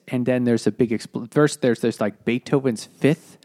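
A man's voice: mid-range voice, steady tone, a little slow, few pauses, a little mellow. A man co-hosting a podcast in casual chat, recapping a story with fillers. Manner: summarizing the plot with fillers. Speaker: podcast co-host.

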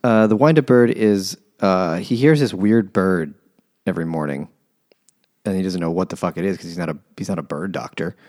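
A man's voice: sits low, moderate pace, a little mellow, no echo. A man casually explaining a book plot with dry, profane jokes.

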